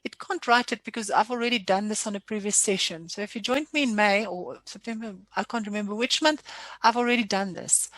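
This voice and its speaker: A woman trainer giving a casual screen-share software tutorial, chatty and self-deprecating with frequent apologies. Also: medium pitch, fairly quick, no room sound.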